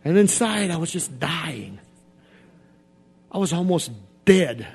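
A man preaching a sermon in a repetitive, emphatic cadence, swinging from quiet confession to shouted outbursts. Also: on the high side, animated, takes it slowly, vocal fry, husky, soft background music.

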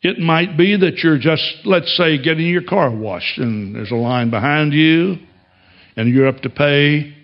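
A man's voice: fairly high pitch, lively intonation, a little slow, highs cut off. A man preaching a sermon as a pastor, telling stories in a folksy way and chuckling often.

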